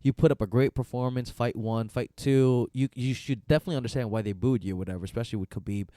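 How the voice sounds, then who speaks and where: A man co-hosting a podcast in casual chat, agreeable and rambling, often backing his partner with quick yeahs. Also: mid-range voice, warm tone, no echo, clean studio sound. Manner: rambling, agreeable, lots of "yeah" fillers. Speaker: podcast co-host.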